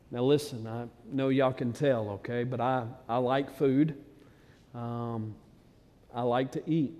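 A man preaching a sermon, talking plainly to his flock, then building to loud, excited peaks. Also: medium pitch, measured pace, big-room sound. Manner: conversational preaching that swells to loud, excited climaxes. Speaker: pastor.

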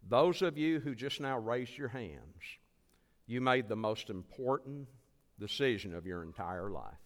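A man preaching as a visiting evangelist, giving an earnest altar call and repeating his pleas. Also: medium pitch. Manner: earnest, pleading, repeats phrases. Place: church sanctuary. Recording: long church hall reverb.

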